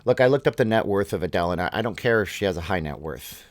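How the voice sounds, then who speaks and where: A man's voice: sits low, lively intonation, fast, no echo. A man hosting a vlog, giving opinionated commentary in a ranting way, often repeating and restarting his words. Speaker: vlog host.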